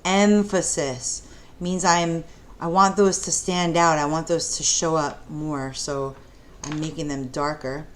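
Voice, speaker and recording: A woman teaching a preschool art lesson in a gentle, encouraging way, talking the children through each step and asking them questions. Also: low voice, little pitch movement, unhurried, a little hiss or hum.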